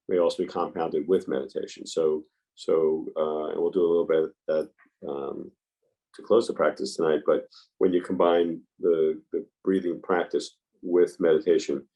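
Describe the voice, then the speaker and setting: A man's voice: low voice, flat delivery, normal speed, dark tone, low-quality recording. A man hosting a meditation group on a video call, asking thoughtful, hedging questions.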